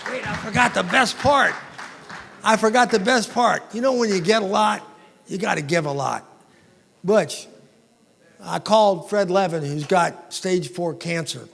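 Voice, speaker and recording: A man's voice: high-pitched, unhurried, gravelly, a bit bright, a faint crowd. A man giving an emotional, inspirational banquet keynote speech, quoting famous sayings. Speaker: keynote speaker. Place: large banquet hall. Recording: reverberant hall.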